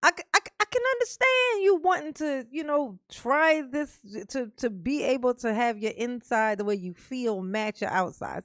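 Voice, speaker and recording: High, profane woman ranting and laughing. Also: normal speed, few pauses, no echo, studio quality. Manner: profane, laughing, animated Southern-Black-vernacular delivery. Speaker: commentary vlogger. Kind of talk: casual ranting commentary.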